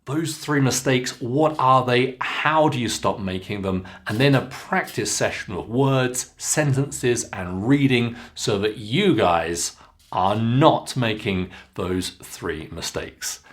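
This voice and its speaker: A man with a British accent coaching pronunciation to camera. He speaks slowly and deliberately, with a voice of middling pitch, and he models each sound carefully for his learners. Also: animated. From Britain.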